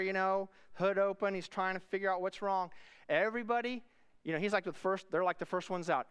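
Animated Midwestern preacher with a lively voice. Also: male voice, high-pitched, clear, resonant tone. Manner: animated storytelling, acting out voices with sudden shouts. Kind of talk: sermon storytelling.

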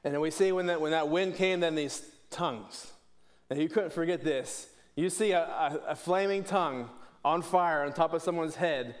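A middle-aged man from Pittsburgh preaching a sermon earnestly, often restarting phrases and posing questions to the congregation. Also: on the high side. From Pittsburgh, USA. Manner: earnest, repeats words and restarts phrases, asks rhetorical questions. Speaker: pastor.

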